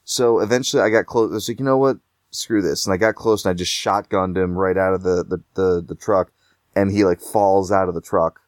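Low-voiced man rambling about a game. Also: steady tone, a little fast, no room sound, studio quality. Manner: rambling, many fillers and restarts. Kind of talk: casual gaming chat.

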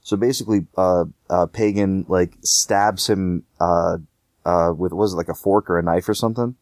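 A man's voice: deep voice, steady tone, normal speed, a little mellow, no room sound, studio quality. A man co-hosting a casual gaming podcast, rambling with lots of fillers and restarts.

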